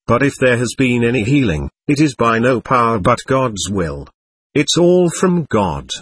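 A man's voice: mid-range voice, measured pace, slightly rough, dry recording. A man reading as a serene, ailing old monk. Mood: gentle. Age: older. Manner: calm, gentle, consoling. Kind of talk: audiobook character reading.

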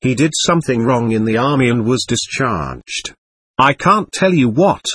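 A man's voice: mid-range voice, big pitch swings, normal speed, a bit bright, slightly rough, dry recording. A man voicing a proud young society woman, formal but flustered and indignant. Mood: agitated.

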